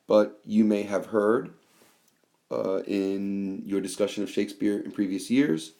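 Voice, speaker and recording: Guy teacher explaining a screencast lesson, kinda low voice, lots of ums. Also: dark tone. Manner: unhurried explanations with fillers, reading quoted lines aloud. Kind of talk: classroom lecture screencast. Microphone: tablet microphone.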